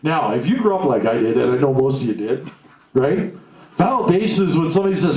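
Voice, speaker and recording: A man giving a live motivational talk to an audience, blunt and animated, acting out the lines he quotes. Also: on the high side, fairly quick, crowd noise. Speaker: motivational speaker. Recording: echoey room, mic at a distance, faint noise.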